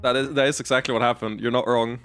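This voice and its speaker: A male game streamer talks his way through play in a loose, rambling way, giggling often and restarting his sentences. His pitch sits mid-range for a man, with faint music playing underneath. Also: little pitch movement, fast talker, a bit bright, clear, resonant tone. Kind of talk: casual live-stream commentary.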